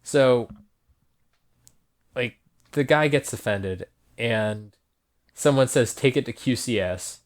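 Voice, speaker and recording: A man chatting on a podcast, rambling through a story with plenty of swearing and laughter. His voice sits at an everyday middle pitch. He keeps the tone loose and conversational. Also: slow, long pauses. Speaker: podcast host. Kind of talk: casual podcast chat.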